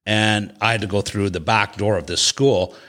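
A man's voice: on the low side, normal speed. A man hosting a casual chat, telling a long, rambling story with lots of restarts and swearing. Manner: rambling, profane, animated storyteller with many restarts.

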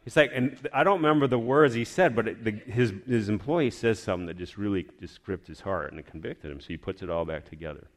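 Deep-voiced man sharing a church testimony. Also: quick pace, hardly any pauses. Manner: rambling, heartfelt storytelling. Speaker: church member giving a testimony.

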